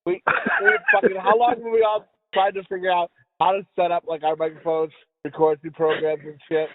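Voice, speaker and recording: Over a tinny, dry phone line, a middle-aged man from the US hosts a podcast full of rambling, laughter and heavy swearing as he chats casually with friends. He has a high-pitched voice with a flat delivery and a brisk pace.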